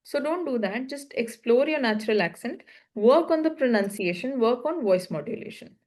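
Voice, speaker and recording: A woman's voice: fairly high pitch, animated, normal speed, darkish tone. A woman coaching a learner one-on-one, explaining patiently in short, repeated phrases. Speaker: English speaking coach.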